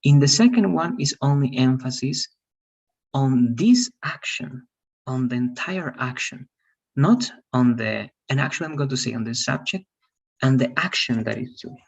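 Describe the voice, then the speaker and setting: A man's voice: medium pitch, expressive, normal speed, creaky, breathy edge, rough recording. A man teaching an online English grammar lesson, explaining patiently and checking often that his students follow. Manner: patient, repetitive explaining with frequent "all right?" checks.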